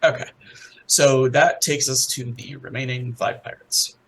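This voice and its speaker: A man running a tabletop game as game master, talking hesitantly with many pauses. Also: mid-range voice, steady tone, gravelly, a bit bright, slight background noise, low-quality recording. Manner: hesitant, full of ums and restarts.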